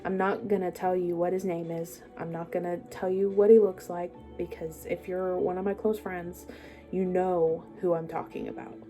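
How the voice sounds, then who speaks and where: A young woman with a lowish, mellow voice tells her life story in a halting, hesitant way, full of pauses and restarts. At times she sinks into a soft, breathy near-whisper. Faint music plays underneath. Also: little pitch movement. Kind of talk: personal storytelling to camera.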